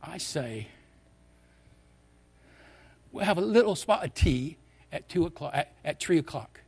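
A man putting on a genteel old English gentleman, clipped and proper, his voice lifting higher and brighter whenever he insists on his fussy requests. He is a fussy, genial elder, voiced by a storyteller. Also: very animated, unhurried, gravelly, husky, full character voice. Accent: English, put on.

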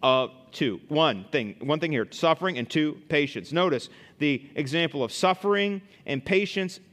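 Middle-aged male pastor, lively sermon delivery, slightly high voice, loud on key points. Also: moderate pace. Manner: animated preaching, rising loud at emphasis, acts out scoffing listeners.

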